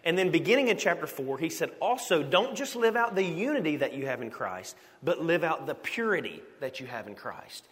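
A man's voice: fairly high pitch, sing-song, a little fast, few pauses, fairly bright tone. A man from the United States preaching a sermon, telling a story with animation and asking the congregation questions. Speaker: pastor. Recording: long hall reverb.

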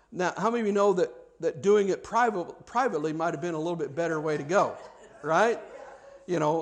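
A male pastor preaching a sermon, telling a story and acting out quoted voices with frequent repeated words. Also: high voice.

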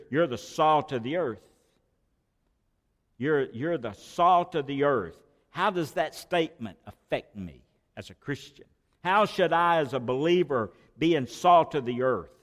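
A man's voice: mid-range voice, long reverb tail. A man preaching a sermon, emphatic and repeating key phrases for weight. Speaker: pastor.

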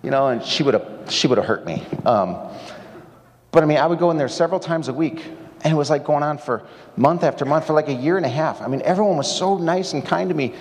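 A man's voice: fairly high pitch, animated, a little fast, darkish tone, long reverb tail. A male pastor giving a sermon, telling stories in a chatty way with wry asides. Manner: conversational storytelling with wry asides. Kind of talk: sermon at a seminar.

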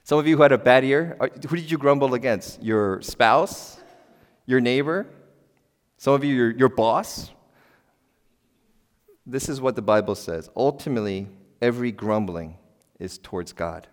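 A middle-aged man preaching a sermon as a pastor in a church. He is conversational and emphatic, asks the congregation questions and breaks into sudden loud exclamations. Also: medium pitch, normal speed, pauses often. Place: church sanctuary. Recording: long church hall reverb.

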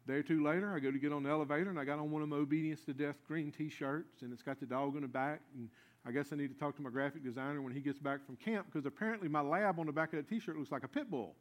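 A man, preaching a sermon in a folksy storytelling way, swinging between loud lively asides and quiet earnest stretches. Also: on the high side, quick pace.

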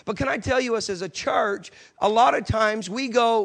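A man preaching a passionate sermon as a pastor in a church, with sudden loud outbursts. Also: sits high, normal speed, vocal fry, hardly any pauses.

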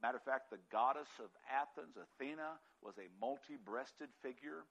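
A man's voice: mid-range voice, moderate pace, creaky, a bit bright, muffled recording. A man as pastor teaching an evening Bible class, conversational and checking in often with his listeners.

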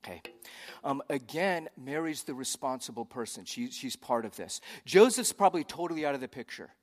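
A man's voice: medium pitch, animated, fairly quick. Brief: male pastor, conversational sermon with jokes, hall reverb. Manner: conversational, joking asides.

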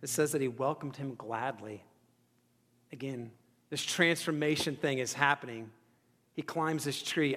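A man's voice: mid-range voice, measured pace, long pauses, sharp tone. A man preaching a sermon in a conversational, self-deprecating way, acting out the thoughts of the people in his story. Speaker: pastor. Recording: hall reverb.

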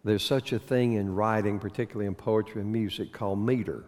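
Low-voiced man teaching a Bible class. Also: steady tone, a little fast, a little mellow. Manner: conversational, asks the audience questions, cracks corny puns. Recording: long reverb of a hall.

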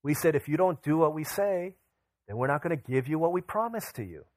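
Young male pastor, slightly high voice, dry sound, animated storytelling sermon. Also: fairly quick, no echo. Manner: storytelling, acting out his children's voices.

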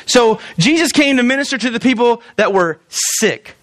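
A male pastor preaching a sermon in a church, animated and often acting out quoted voices. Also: very high voice, normal speed, dry recording.

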